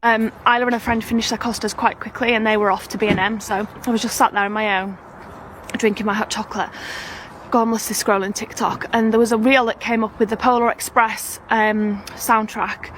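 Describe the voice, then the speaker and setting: A woman's voice: fairly high pitch, level tone, brisk, a bit bright, a little hiss or hum. A woman with a British accent, a family vlogger chatting to her camera in a gushing, emotional, rambling way. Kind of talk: casual vlog chat.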